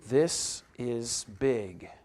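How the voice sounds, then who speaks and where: A man preaching a sermon as pastor, reading scripture and explaining it, moving between emphatic exclamations and soft, hushed asides. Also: medium pitch, expressive, very slow.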